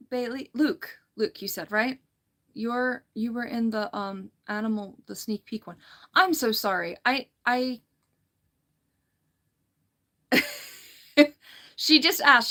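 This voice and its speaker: A woman's voice: fairly high pitch, unhurried, sharp tone. A woman chatty, giggly livestream host. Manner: chatty and giggly, often restarting sentences. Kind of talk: casual livestream chat, reading viewer comments.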